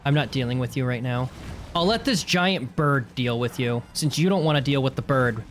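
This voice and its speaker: A woman streaming gameplay with live commentary, swearing and yelling at the monsters on screen, swinging from low mutters to shrieks. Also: moderate pace, a little hiss or hum. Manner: swears a lot, yells at monsters.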